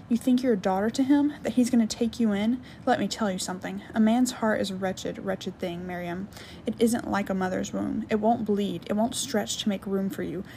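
A woman's voice: mid-range voice, vocal fry, darkish tone, a little hiss or hum, natural voice. A woman reading an audiobook, voicing a bitter, controlling mother who mocks and pleads. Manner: accusing, mocking, then pleading.

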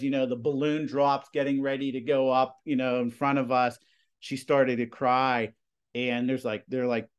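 A man in his forties, a high school TV production teacher, telling stories in a casual interview with lots of fillers. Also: clean tone. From Pennsylvania. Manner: rambling, filler-heavy storytelling with lots of "you know" and "like".

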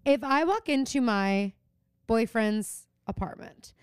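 A woman's voice: on the high side, expressive, slow, clean tone, no room sound, clean studio sound. A woman co-hosting a podcast, chatting casually about a TV episode and acting out the characters' lines. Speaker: podcast co-host. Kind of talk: casual chat recapping a TV show.

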